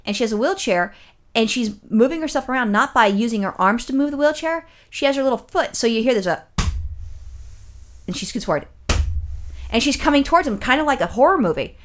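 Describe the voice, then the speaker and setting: Woman co-host, casual story, lively and profane, acts out the quotes. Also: on the high side, a little fast. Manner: animated, swears freely, acts out quotes.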